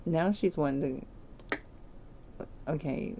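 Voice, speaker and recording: Woman streamer, casual game commentary, chatty and giggly, unhurried pace, steady background noise. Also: sits low, dull audio. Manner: chatty, talks to viewers, giggles often.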